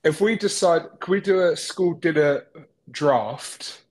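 A man's voice: on the high side, slow. A man, co-hosting a podcast in a rambling, self-mocking casual chat. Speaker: podcast co-host.

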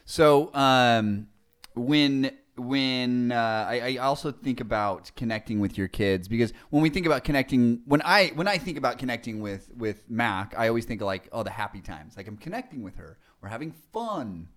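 A young man hosting a casual podcast about parenting, joking and animated, acting out quotes as he talks. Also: medium pitch, moderate pace. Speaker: podcast host, father.

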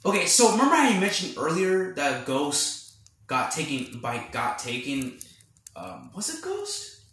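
Male podcast host, fairly high and bright, chatty and rambling, echoey room sound. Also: a little slow, creaky, slight background noise. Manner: rambling, animated retelling with quoted reactions. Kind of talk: casual film review chat.

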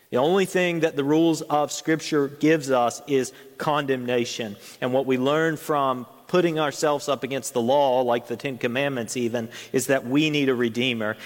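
A man's voice: fairly high pitch, in a large hall. A man preaching a sermon as pastor, earnest, his voice rising to stress each point.

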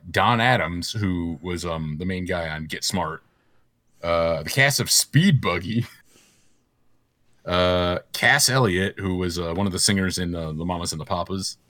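A man's voice: low voice, unhurried, fairly bright tone, no room sound. A man hosting a casual chat show, rambling through lists with fillers and laughs. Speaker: host.

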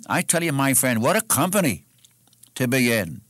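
A man's voice: medium pitch, big pitch swings, normal speed, a bit bright, no echo, clean studio sound. A man preaching a sermon, earnest and emphatic, addressing the listener directly as his friend.

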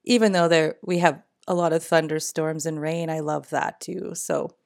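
A woman's voice: deep voice, flat delivery, moderate pace, creaky, hardly any pauses, darkish tone. A middle-aged woman, hosting a casual solo podcast in her morning voice, chatty and rambling with frequent laughs. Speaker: podcast host.

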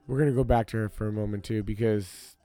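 A man with a lowish, warm voice talks fast in a steady tone, hosting his own podcast. He tells a story as a casual rant, repeating himself for emphasis and addressing listeners directly as "y'all." The recording is dry, with soft music underneath.

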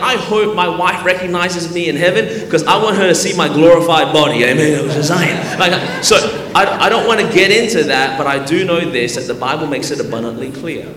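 A man's voice: high voice, fairly bright tone, slight background noise. A man preaching a sermon with fervor, calling out to the congregation and often repeating words as he ad-libs. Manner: fervent, calls out to the congregation; stumbles and repeats words when ad-libbing. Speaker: pastor. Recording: echoey hall with long reverb.

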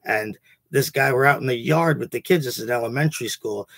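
A man's voice: medium pitch, brisk, gravelly, fairly bright tone, dry recording. A man hosting a podcast, a teacher talking in a rambling, profane, casual way with many restarts. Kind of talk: casual chat.

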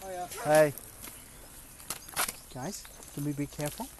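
A woman talking to her children on a walk by a road, patient and lightly teasing, often hushing them. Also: sits low, slow pace. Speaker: parent. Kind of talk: casual chat with children. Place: road, outdoors. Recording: outdoor recording with clear background noise.

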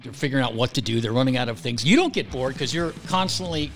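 A male podcast host in casual chat, talking in an animated way with many repeated words and restarts. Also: mid-range voice, fast, faint music behind. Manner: animated, repetitive, stumbling restarts.

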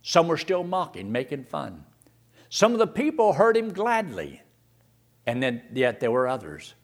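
A man's voice: on the high side, wildly swooping pitch, measured pace. A man preaching a sermon, firing rhetorical questions and reading scripture aloud.

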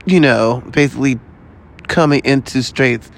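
A man's voice: medium pitch, moderate pace, vocal fry. A man hosting a solo podcast, talking in a loose, profane, exasperated rant full of asides. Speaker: podcast host. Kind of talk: rambling solo podcast monologue.

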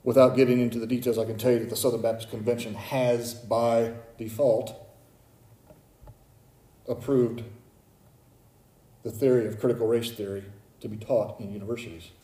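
A man preaching a sermon as pastor, building from low, quiet warnings to high, urgent calls. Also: little pitch movement, normal speed, long pauses, echoey room.

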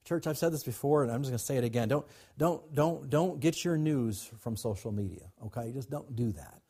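Male pastor, husky voice, emphatic preaching with call and response. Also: mid-range voice, animated, a little fast, mellow. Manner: emphatic, repetitive, calls to the congregation. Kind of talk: sermon.

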